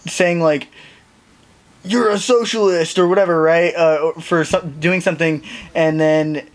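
A man guesting on a podcast, telling stories in a halting, rambling way full of fillers. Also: on the high side, steady tone. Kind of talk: casual chat.

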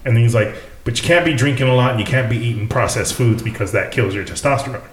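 A man's voice: medium pitch, quick pace, echoey room, a little hiss or hum. A man co-hosting a casual podcast, laid-back, swearing freely and laughing often. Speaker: podcast co-host. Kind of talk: casual chat.

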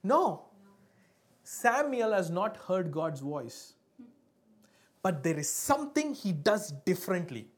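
A woman's voice: on the low side, very animated, slow, long pauses. A woman preaching a sermon with call and response, fervent and building, breaking into speaking in tongues.

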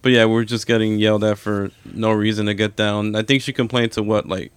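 Low-key man with a smooth voice. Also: a little fast, no room sound. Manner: laconic, low-key, deadpan. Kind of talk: casual chat.

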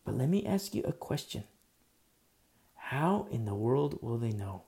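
A man preaching a sermon, impassioned, rising to emphatic questions and dropping to a hush. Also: mid-range voice, very animated, unhurried, creaky.

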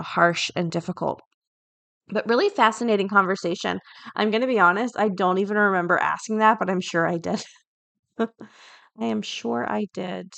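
A woman hosting a daily podcast, chatting casually and reading an article aloud, thinking out loud as she goes. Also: fairly low pitch, creaky, dry recording. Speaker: podcast host.

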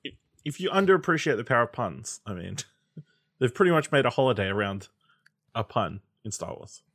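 A man's voice: medium pitch, big pitch swings, fairly quick, a bit bright. A man co-hosting a casual podcast, easygoing and wry in his remarks. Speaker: podcast co-host.

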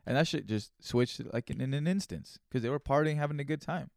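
A man's voice: mid-range voice, fast, gravelly, few pauses, clear, resonant tone, no echo, clean studio sound. Man telling a story on a casual podcast. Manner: rambling, profane, conversational. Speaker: podcast host. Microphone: studio microphone.

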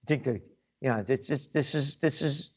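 A man's voice: mid-range voice, moderate pace, husky. A man giving an indignant, repetitive political rant as a commentator.

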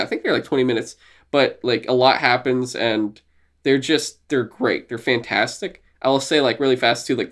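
During relaxed podcast banter, the young male co-host speaks at a medium pitch and sounds excited. Frequent swearing, laughter, and silly put-on voices mark his talk.

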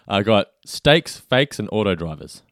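A man's voice: lowish voice, expressive, slow pace, a bit bright, dry recording, clean studio sound. A man co-hosting a podcast in casual chat, joking and laughing often. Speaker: podcast co-host.

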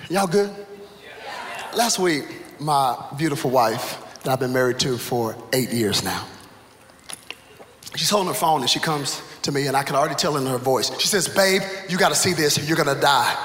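A male pastor in his thirties preaching a sermon, telling a funny story with animated energy that builds to excited shouts. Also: a little high, slight background noise. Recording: echoey hall, live room ambience.

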